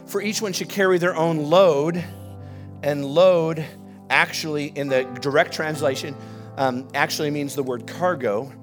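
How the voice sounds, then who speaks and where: A man preaching a sermon as pastor, building animated emphasis as he goes. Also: on the high side, measured pace, faint music behind. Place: church.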